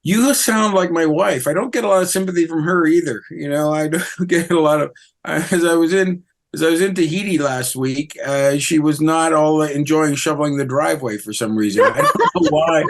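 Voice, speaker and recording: A man's voice: on the high side, a little fast. A middle-aged man from Canada, a comedian chatting in an interview, rambling with fillers and mocking himself. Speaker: comedian guest. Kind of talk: casual interview chat.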